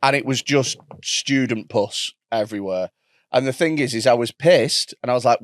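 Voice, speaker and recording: A man's voice: mid-range voice, normal speed, no echo. Male co-host, rambling storyteller, medium voice, dry booth sound. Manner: rambling, laughing anecdote-teller. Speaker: podcast co-host. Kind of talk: comedy podcast storytelling.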